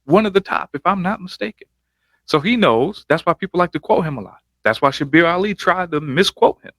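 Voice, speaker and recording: A man's voice: sits high, animated, a little fast, pushed and bright, no echo. A man hosting a reaction video, giving casual commentary over clips with emphatic, hyping interjections.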